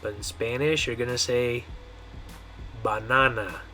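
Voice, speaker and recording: Man, teacher, patient step-by-step lesson, mid-pitched voice, soft music in background. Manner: slow, drawn-out model words with frequent "okay?" checks. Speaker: Spanish teacher. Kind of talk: pronunciation lesson.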